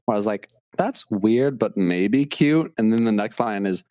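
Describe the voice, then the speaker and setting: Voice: medium pitch, expressive, mellow. A podcast co-host trading wry, joking remarks in casual chat. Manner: wry, quick jokes.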